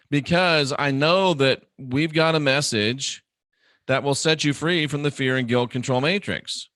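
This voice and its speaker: A man hosting his own show, ranting emphatically, swinging from a low drawl to loud indignant peaks. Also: dry recording, clean studio sound. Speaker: host. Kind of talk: ranting monologue.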